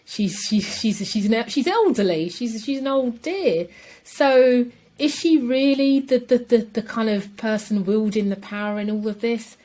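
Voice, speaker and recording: A woman co-hosting a podcast in casual chat, animated and emphatic. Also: a little high, unhurried. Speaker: podcast co-host.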